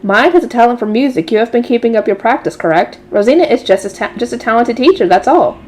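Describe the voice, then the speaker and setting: A woman voicing a curt, composed male high priest in a light novel read-aloud. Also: lively intonation, fast talker, darkish tone, lightly acted.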